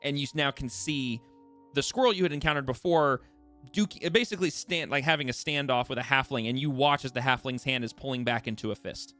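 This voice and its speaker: Halting man running a tabletop game. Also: medium pitch, sharp tone, soft background music. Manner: halting, many fillers. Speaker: game master.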